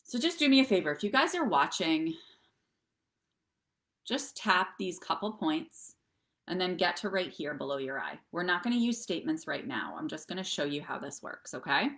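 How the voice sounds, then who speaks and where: A woman's voice: on the low side, sing-song, normal speed, fairly bright tone. A middle-aged woman coaching viewers through breathwork and tapping on a live stream, chatty and often checking in with "okay?" and "right?". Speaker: wellness coach.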